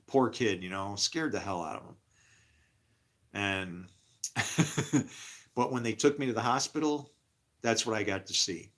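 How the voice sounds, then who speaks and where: A middle-aged man casually telling a personal story, acting out other people's voices loudly and in a raised pitch. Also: normal speed.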